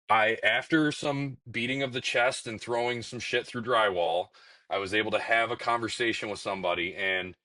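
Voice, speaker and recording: A man's voice: on the low side, pushed and bright, no echo, rough recording. A young man co-hosting a casual hockey podcast, ranting in an exasperated, profane way about his team. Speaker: podcast co-host. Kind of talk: casual chat.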